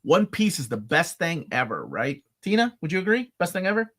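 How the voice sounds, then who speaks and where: A man's voice: a little high, big pitch swings, fairly quick, fairly bright tone. A man co-hosting a live Q&A, chatting casually and reading out viewer questions with playful energy. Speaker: co-host.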